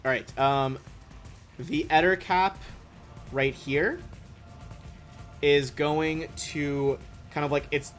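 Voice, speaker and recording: A young man running a tabletop game as game master, chatty and relaxed, swearing casually. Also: a little high, takes it slowly, long pauses, soft background music.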